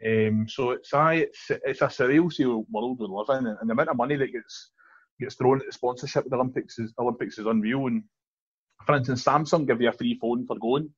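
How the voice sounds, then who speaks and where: A man with a Glaswegian Scottish accent, a guest telling stories in a quick, chatty way with frequent restarts. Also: medium pitch, breathy edge, dry recording. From East End of Glasgow, Scotland. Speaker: guest, Olympic hammer thrower. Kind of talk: casual podcast chat. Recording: dull, lo-fi podcast recording.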